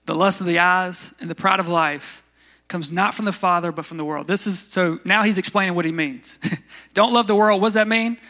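A man's voice: high voice, pushed and bright. A man pastor giving a conversational sermon, often asking his listeners questions and answering them himself. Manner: conversational, asks the congregation questions.

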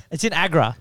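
A man's voice: very high-pitched, bright, forceful tone. A man with a broad Australian accent hosting a casual podcast, blunt and teasing, laughing a lot.

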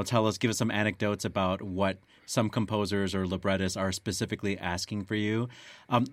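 A man's voice: on the low side, no room sound. A man hosting an interview, asking questions eagerly with hesitant fillers. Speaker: host.

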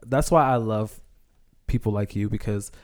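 Guest man, hesitant, restarts a lot; low, warm, smooth voice. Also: moderate pace. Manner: thoughtful, hesitant, many restarts and fillers. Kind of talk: casual discussion.

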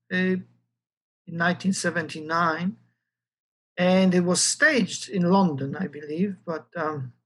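A history lecturer giving a recorded lecture, talking in a halting way with frequent fillers. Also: medium pitch, fairly bright tone, rough recording.

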